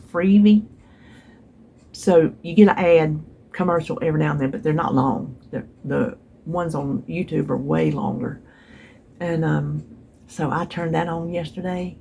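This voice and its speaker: A woman's voice: deep voice, gravelly, dark tone, a little hiss or hum. A middle-aged woman with a Southern US accent, chatting casually to her phone at home in a wandering, rambling way. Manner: chatty, rambling, trails off and restarts, wistful asides. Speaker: vlogger. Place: home, seated in a chair.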